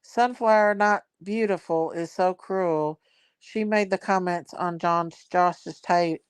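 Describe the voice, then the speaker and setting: A woman's voice: fairly low pitch, slow, clean tone, no echo. A woman hosting a casual livestream, chatting and reading viewer comments aloud. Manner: chatty, reads viewer comments aloud, Southern-style grammar. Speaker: livestream host.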